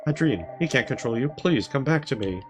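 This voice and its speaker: A man's voice: mid-range voice, animated, a little fast, lightly acted. A man voicing a determined young woman heroine, earnest and pleading, over game music.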